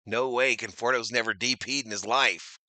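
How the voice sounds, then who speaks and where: A man's voice: mid-range voice, fairly even intonation, moderate pace, bright, forceful tone, dry recording. A man giving casual, slangy fan play-by-play of a baseball game, laughing often and reading chat comments aloud. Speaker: live-stream baseball commentator.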